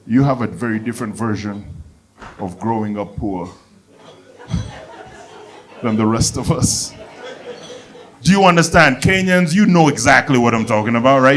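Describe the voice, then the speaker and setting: A young man from Uganda doing a stand-up comedy set, telling a lively story and acting out the people in it. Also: mid-range voice. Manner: animated storytelling, acts out characters, bursts of excitement. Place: comedy venue with live audience.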